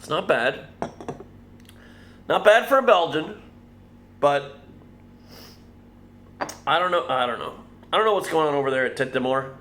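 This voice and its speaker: A man's voice: fairly high pitch, expressive, measured pace, pauses often, a bit bright, slight background noise. A man reviewing beer in a casual vlog, wry and blunt, swearing offhandedly.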